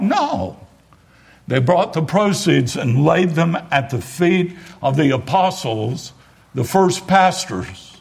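A man's voice: high voice, gravelly, slightly rough. A man preaching a sermon as pastor, driving points home with emphatic repetition and wry asides.

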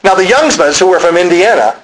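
Male preacher, Pennsylvania accent, breathy-rough tone, animated sermon delivery that acts out quoted lines. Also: high voice, a little fast, poor audio. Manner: dramatic storytelling, acting out quoted voices. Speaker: pastor.

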